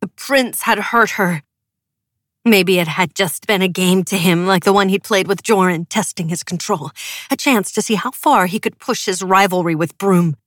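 A woman's voice: mid-range voice, normal speed, a bit bright, no room sound. Woman narrator, audiobook, emotive, dramatic, dry close studio sound. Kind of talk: scripted narration.

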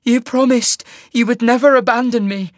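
A tearful, desperate young woman ruler, as an audiobook narrator puts her on. The voice leaps well above the narration and pleads loudly, with a dry, close sound. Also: high-pitched, expressive, normal speed, husky, no room sound, pitched above the performer's own voice. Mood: pleading.

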